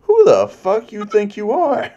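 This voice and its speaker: A man's voice: fairly high pitch, wildly swooping pitch, a little slow, mellow, muffled recording, pitched above the performer's own voice, heavily acted. A man voicing a defiant giant ape king who talks in profane street slang.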